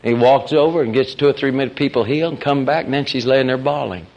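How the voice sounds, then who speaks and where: A man preaching in a folksy, animated storytelling style, acting out the quotes of the people in his stories. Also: mid-range voice, fast talker, highs cut off. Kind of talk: storytelling sermon.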